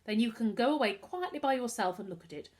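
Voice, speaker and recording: A woman reading aloud and voicing a calm, firm middle-aged mother who speaks soothingly with a slight sharp edge. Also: on the high side, fast, pitched above the performer's own voice, lightly acted.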